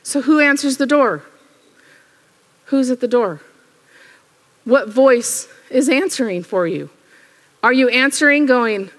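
Animated high-voiced woman preaching. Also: slow pace, pauses often. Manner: animated storytelling, acts out prayers. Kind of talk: sermon. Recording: echoey hall.

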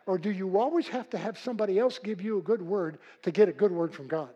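An older man preaching a sermon with a husky voice, telling folksy stories and swinging from loud calls to hushed, quiet passages. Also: high-pitched, quick pace, highs cut off. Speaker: pastor.

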